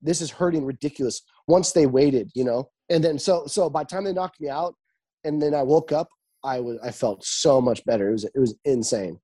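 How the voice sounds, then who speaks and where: A man in casual chat, telling animated stories with lots of swearing and acted-out quotes. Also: mid-range voice, brisk, breathy edge. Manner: animated storytelling, swears a lot, acts out quotes.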